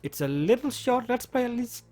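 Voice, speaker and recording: A man's voice: very high-pitched, animated, moderate pace, mellow, faint music behind. A man, not a native English speaker, reading game text aloud and chatting casually in a let's play, with a slightly sore throat.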